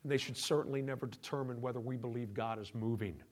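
A middle-aged male pastor preaching a sermon in a conversational way, moving between quiet asides and raised, emphatic points. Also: mid-range voice, steady tone, fast.

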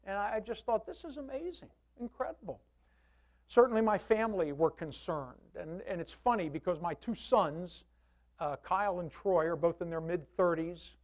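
A pastor in his sixties with a high voice and moderate pace tells his congregation a personal testimony. He's animated and candid, with self-deprecating humor.

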